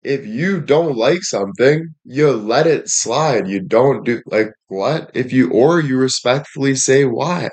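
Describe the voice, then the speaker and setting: A man's voice: medium pitch, expressive, a little slow, few pauses, darkish tone. A man livestreaming and addressing his chat in a heated rant, frustrated, swearing often and repeating himself.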